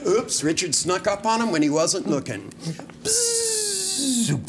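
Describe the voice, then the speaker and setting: An older man, a hypnotist, running a live hypnosis demonstration at a seminar, joking and teasing between slow, soft trance suggestions. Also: high voice, huge pitch swings, noisy background. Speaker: hypnotist leading a training seminar. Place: seminar room with participants.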